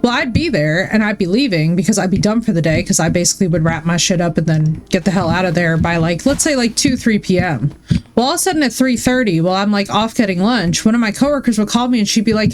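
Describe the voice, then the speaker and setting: A woman's voice: medium pitch, animated, fairly quick. A woman streams from her home setup, chatting casually into a desk mic while she plays. She rambles through stories and swears freely, with faint music underneath. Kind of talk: casual chat while gaming.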